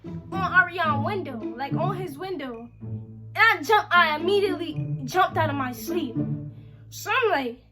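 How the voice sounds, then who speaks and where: High-voiced young woman telling a story. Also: a little slow. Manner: animated, slangy storytelling with quoted dialogue. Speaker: vlogger. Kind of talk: storytime vlog. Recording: music playing under the voice.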